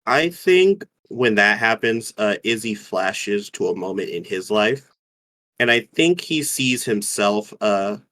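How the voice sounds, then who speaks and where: A man playing a tabletop game, describing his character thoughtfully with many pauses and fillers. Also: fairly low pitch, fairly bright tone. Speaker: player.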